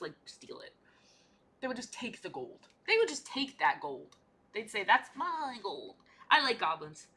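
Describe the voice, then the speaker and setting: A woman's voice: a little high, sharp tone. A young woman chatting casually while painting miniatures, repeating her own lines as she talks. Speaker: art vlogger.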